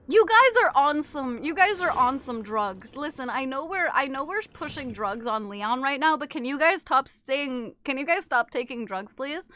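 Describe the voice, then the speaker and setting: Streaming a horror game, this young woman talks loosely with her chat, swears a lot, and keeps bursting into screams and laughs. She has a high, bright voice with a forceful edge.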